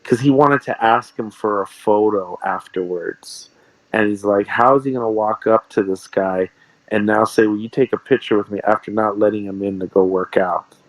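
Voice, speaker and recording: A man's voice: lowish voice, steady tone, moderate pace, dry recording, poor audio. A man, a sports card shop owner, telling rambling stories in a casual interview and repeating himself.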